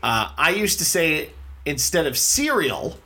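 A middle-aged Canadian radio host chatting casually, quick to laugh and tease. His pitch leaps all over the place, and his tone is bright and forceful. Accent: Canadian, neutral-leaning. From Canada, around Toronto. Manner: animated, laughing, quick teasing banter. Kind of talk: casual podcast chat.

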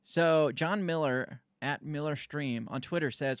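A man's voice: medium pitch, steady tone, moderate pace, few pauses, clear, resonant tone, dry recording. A man giving loose, rambling commentary on a news clip, sarcastic and swearing casually.

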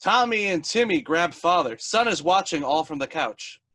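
A man's voice: a little high, expressive, normal speed, pushed and bright. A man hosting a sketch table read over a video call, chatting casually with lots of fillers and reading stage directions. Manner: casual, joking, filler-heavy. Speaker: host and sketch narrator.

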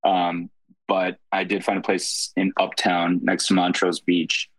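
A man's voice: low voice, monotone, measured pace, a bit bright, breathy edge, no echo, poor audio. A man in casual chat with friends, catching them up on work and apartment hunting in an easygoing, wry way.

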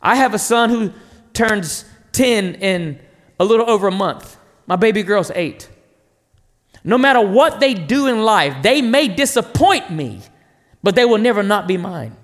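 A man in his thirties preaches with a voice pitched very high for a man. His delivery is lively, with the pitch swinging widely. He pleads and asks the congregation questions. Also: moderate pace, in a large hall. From North Carolina, USA. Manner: passionate, animated preaching with rhetorical questions to the crowd. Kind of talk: sermon.

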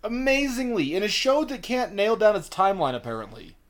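A man's voice: high-pitched, big pitch swings, a little fast. A man co-hosting a podcast, talking in a crude, jokey, ranting way. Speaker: podcast co-host. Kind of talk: casual podcast chat.

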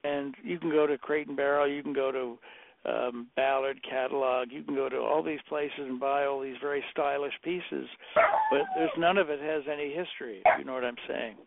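An older man, a decorator telling rambling, animated anecdotes and acting out the quotes in a casual chat. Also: medium pitch, moderate pace, creaky, background noise. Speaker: interior decorator guest. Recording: dry tinny phone-like audio.

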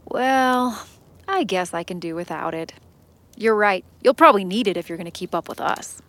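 A woman's voice: medium pitch, lively intonation, moderate pace, fairly bright tone, no echo, close to an everyday voice. An actress playing a smug, teasing young woman who talks playfully.

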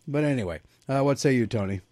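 A man's voice: mid-range voice, quick pace, no room sound. A man co-hosting a casual movie review panel, teasing the others and passing the turn around. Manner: lively, teasing, leads the rounds.

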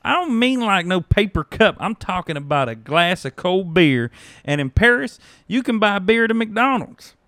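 Guy doing a chatty southern hitman drawl, high and bouncy, dry mic. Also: very animated, moderate pace, fairly bright tone, no room sound. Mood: laid-back. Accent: put-on American Southern. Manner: drawling, conversational, crude. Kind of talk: comedic script read-through.

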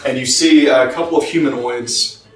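A man narrating as game master of a tabletop game, pausing and restarting as he describes scenes. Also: medium pitch, steady tone, a bit bright. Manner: halting, many fillers and restarts while describing scenes. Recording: roomy, distant mic, faint music behind.

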